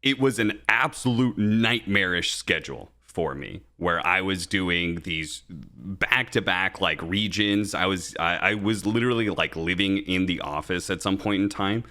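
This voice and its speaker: A man's voice: deep voice, a little slow. A man co-hosting a casual podcast, telling a long, profane story about his casting days and growing heated as he talks. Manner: profane, animated storytelling, rising when angry. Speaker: podcast co-host and esports caster.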